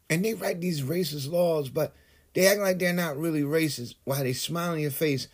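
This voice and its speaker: A man's voice: fairly high pitch, breathy edge. A man delivering a heated, profane political rant in his own vlog, swearing often and building into outbursts. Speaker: political commentator.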